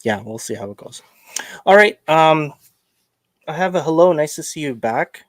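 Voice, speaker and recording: A man's voice: fairly high pitch, lively intonation, moderate pace, no room sound. Chatty male podcast host, dry sound. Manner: chatty and joking, greets viewers, many fillers. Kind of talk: casual livestream podcast chat.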